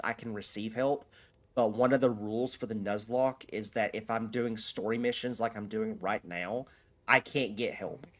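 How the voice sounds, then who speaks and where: A man's voice: mid-range voice, fairly bright tone. A man streaming a video game, chatting casually and rambling with lots of restarts and fillers as he answers viewers. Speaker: gaming streamer. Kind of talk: casual live-stream chat while gaming.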